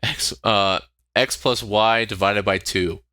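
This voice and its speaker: A man's voice: on the low side, fairly even intonation, slow pace, bright, forceful tone, clear, resonant tone, dry recording, studio quality. A young man chatting casually on a live stream, rambling and laughing often.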